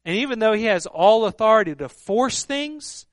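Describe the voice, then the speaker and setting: A man preaching a sermon in an earnest, emphatic way, often dropping to a hushed voice for stress. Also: high-pitched, expressive, moderate pace, dry recording, studio quality. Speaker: pastor.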